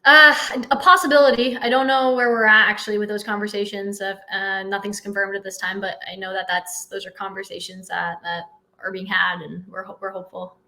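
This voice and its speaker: A woman from Vermont chats as an interview guest, telling stories in a bubbly, animated way. Her voice is bright and crisp at a middle pitch. She speaks as a hockey team's general manager. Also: fairly quick, poor audio. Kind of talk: casual interview chat.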